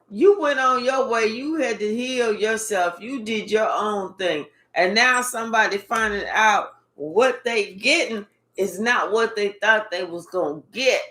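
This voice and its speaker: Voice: mid-range voice, sharp tone. A spiritual reader giving a casual reading in a blunt, profane, repetitive way. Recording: echoey room.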